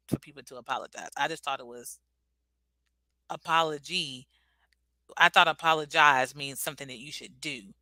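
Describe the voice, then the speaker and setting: A woman's voice: low-pitched, normal speed, sharp tone, dry recording. A woman vlogger giving a casual, earnest and reflective motivational talk.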